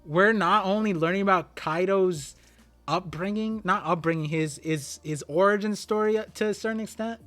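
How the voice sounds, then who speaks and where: Young male streamer, high voice, bursts into excited shouts and stammers, faint music behind. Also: normal speed. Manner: excitable, exclaims and stammers when surprised. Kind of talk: live reaction reading of a comic chapter.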